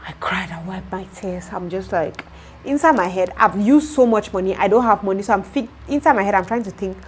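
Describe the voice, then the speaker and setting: A young woman with a Nigerian accent, retelling a story to her vlog audience in a lively, exasperated way. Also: medium pitch, a little fast, a little hiss or hum. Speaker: vlogger. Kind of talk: casual storytelling to camera.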